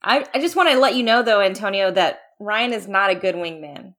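A woman's voice: mid-range voice, lively intonation, brisk, a bit bright. A woman co-hosting a casual podcast, blunt and teasing toward her friends. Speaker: podcast co-host. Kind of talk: casual chat.

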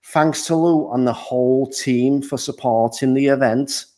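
A chirpy Scouse driving instructor, put on by a man reading a listener's message aloud. The accent is laid on broad for fun, and the lines come out bright and cheeky. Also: mid-range voice, a little slow, lightly acted.

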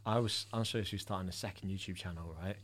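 A man's voice: sits low, fairly even intonation, very fast, fairly bright tone. A man hosting a podcast, talking casually and hesitantly with many restarts.

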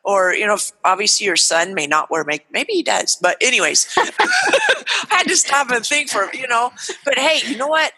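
A woman's voice: fairly high pitch, normal speed, slightly rough, poor audio. A woman in her forties, a parenting author, talking animatedly in an interview and acting out what parents say to their kids. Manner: animated, acts out parent dialogue. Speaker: guest author and parenting speaker.

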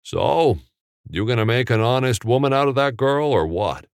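A man's voice: mid-range voice, lively intonation, normal speed, clean tone, dry recording, clean studio sound, voice pushed up, natural voice. A man playing a good-humored veteran male film star who speaks with a folksy drawl. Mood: teasing.

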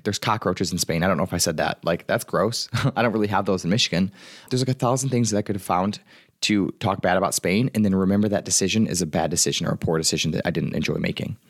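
A man's voice: lowish voice, no room sound, clean studio sound. A young man, a life coach, talking casually and rambling with lots of fillers from his apartment. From United States. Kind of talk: casual solo talk.

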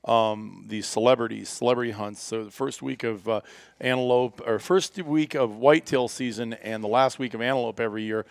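A man's voice: mid-range voice, steady tone, a little fast, vocal fry, dry recording. A middle-aged American man, a company founder, telling a long story in a casual interview, rambling with many fillers and restarts.

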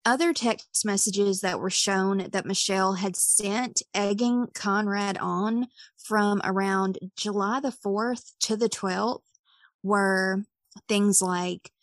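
A young woman tells a case in an easygoing, conversational podcast style, dropping fillers as she goes. Her voice sits at a middle pitch. The recording is dry and close, with no room sound. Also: fairly even intonation, no echo. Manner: reads quoted texts quickly, chatty with fillers. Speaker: true crime podcaster. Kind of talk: casual podcast storytelling.

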